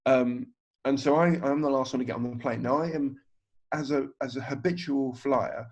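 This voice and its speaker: Comedian guy rambling through a story on a call, swears a lot, middle pitch, kinda muffled lo-fi sound. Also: fairly even intonation, moderate pace, breathy edge. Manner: swears freely, acts out other people's lines in the story. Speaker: stand-up comedian guest. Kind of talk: casual podcast storytelling. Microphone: video call. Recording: dull, lo-fi video call audio.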